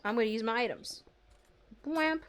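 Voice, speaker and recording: A young woman streaming herself playing a game, chatting casually and playfully, swinging from loud outbursts to quiet mumbles. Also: on the high side, a little slow. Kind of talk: casual gameplay commentary. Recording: faint game music behind.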